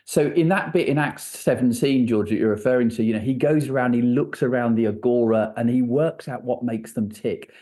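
Male guest, warm dark tone, musing and circling back on his thoughts. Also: medium pitch, brisk, few pauses. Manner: thoughtful, rambling, restarts often. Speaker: author and church leader, guest. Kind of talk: conversational interview answers.

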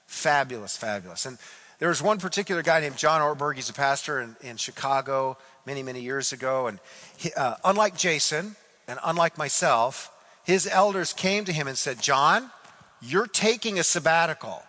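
A man preaching a sermon as pastor, animated, repeating phrases for emphasis. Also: mid-range voice, normal speed, big-room sound, poor audio.

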